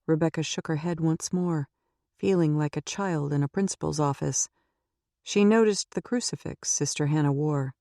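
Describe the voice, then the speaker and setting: A woman narrates a suspense novel in a steady, measured voice. Her tone is low and mellow. The close mic gives a dry sound with no room around it. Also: no room sound. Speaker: audiobook narrator. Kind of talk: scripted audiobook narration.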